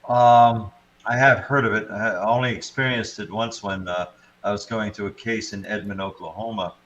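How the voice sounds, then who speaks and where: A man with a fairly low voice and a bright, forceful edge, speaking in a measured, hesitant way as a podcast host. Faint background noise sits under his voice. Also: steady tone, dull audio. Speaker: podcast host, paranormal investigator. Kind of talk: casual chat.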